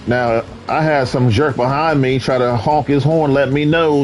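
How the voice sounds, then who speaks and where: A man's voice: medium pitch, unhurried, a little mellow, soft background music. A man ranting in an exasperated, rambling way, full of fillers, while commenting on his gameplay. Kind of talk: casual rant over gameplay.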